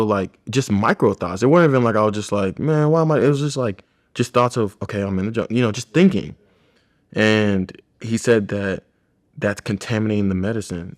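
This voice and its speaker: A man's voice: fairly low pitch, darkish tone. A man who works as a chiropractor, talking casually and reflectively in a rambling conversation about his experiences.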